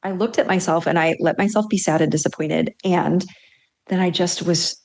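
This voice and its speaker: A woman's voice: fairly low pitch, moderate pace. Middle-aged woman coach telling a story. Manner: animated storytelling with acted-out quotes. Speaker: career and executive coach. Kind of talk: podcast interview, telling a story.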